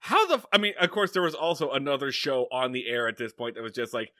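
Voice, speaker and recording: Comedy podcast co-host: bright, lively man, dry close mic. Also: mid-range voice, no echo. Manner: animated, profane, retells scenes in quick mock voices. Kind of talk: casual comedic chat.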